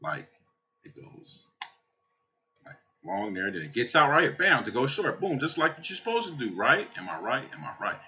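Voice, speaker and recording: A man giving casual, excitable trading commentary over a screen share, swearing and talking straight to his viewers, tired from a night without sleep. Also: medium pitch, moderate pace, dull audio, a little hiss or hum. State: tired from staying up all night. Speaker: crypto trading channel host.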